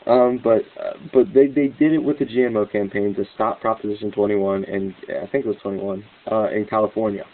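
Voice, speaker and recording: A man giving a rambling, excitable commentary monologue as host of his own news channel, with restarts and cynical laughs. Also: fairly low pitch, normal speed. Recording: tinny phone-like line.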